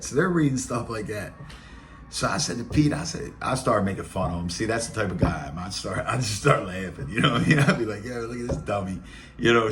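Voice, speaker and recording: A man's voice: on the low side, a little hiss or hum. A man in his late forties with a Baltimore accent, telling rambling streetwise stories in a blunt, casual way. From Baltimore, Maryland. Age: 40s. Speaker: podcast host. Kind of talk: casual storytelling monologue.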